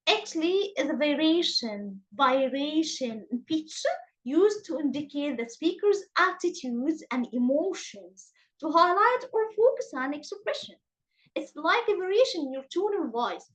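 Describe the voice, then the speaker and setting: A high-voiced woman with an Egyptian accent teaches English over a video call. She takes her time and stresses each word. Her pitch swings widely as she models questions and statements. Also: fairly bright tone, poor audio. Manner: slow, emphatic, exaggerated rising and falling pitch. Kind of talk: online class teaching.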